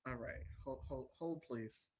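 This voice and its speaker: A man's voice: medium pitch, measured pace, over a noisy crowd. A man co-hosting a casual talk show, joking and apologizing through technical trouble. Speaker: podcast co-host. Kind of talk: casual chat.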